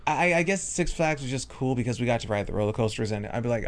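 A man's voice: mid-range voice, fast, vocal fry, hardly any pauses. A man telling a story as a guest on a talk show, laid-back and amused. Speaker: hypnotist guest. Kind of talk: casual storytelling.

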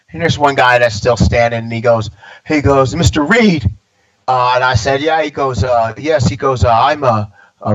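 Through a muffled recording comes a mid-range male voice: a stand-up comedian in his fifties. Chatting casually, he relates something that happened to him, animatedly voicing the words of the people involved.

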